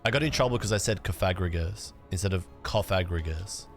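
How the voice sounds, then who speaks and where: A man's voice: sits low, a little fast, soft background music. A young man chatting casually on a livestream while gaming, laid-back and rambling, cursing now and then. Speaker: streamer.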